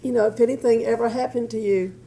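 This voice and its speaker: A middle-aged woman, the bride's mother, speaking with warm, emotional affection. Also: on the high side, steady tone, fast, vocal fry, low-quality recording. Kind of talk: heartfelt personal message.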